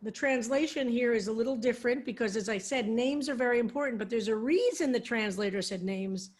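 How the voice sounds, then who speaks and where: A woman rabbi teaching a psalm study over a video call, patiently explaining Hebrew words. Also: a little high. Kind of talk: online Hebrew text lesson.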